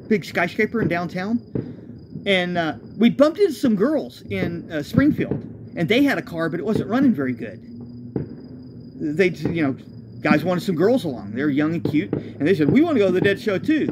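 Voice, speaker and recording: A man's voice: sits high, sing-song, moderate pace, noisy background. A man, a homeless traveler, telling his own road story in a loose, profane, self-correcting way. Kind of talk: rambling spoken storytelling.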